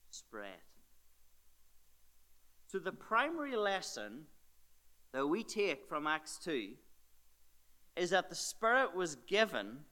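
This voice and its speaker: A man's voice: on the high side, pushed and bright. A young man preaching a sermon, earnest and explanatory, dropping his voice for emphasis.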